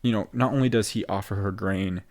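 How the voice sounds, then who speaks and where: A man co-hosting a casual podcast talk about a play, retelling scenes with halting restarts. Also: lowish voice, a little mellow. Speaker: podcast co-host.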